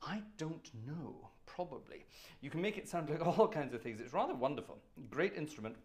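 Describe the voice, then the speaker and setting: A man's voice: a little high, very animated, fast talker. A man hosting a live organ concert stream from home, chatting in a genteel, slightly theatrical way. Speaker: organist and livestream host. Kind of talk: casual live-stream chat. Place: warm room at home with an organ.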